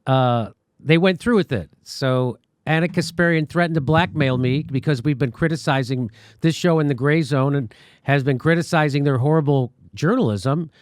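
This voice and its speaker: A man's voice: on the high side, moderate pace, no echo, studio quality. Sarcastic male talk show host. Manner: sarcastic, indignant storytelling. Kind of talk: casual commentary.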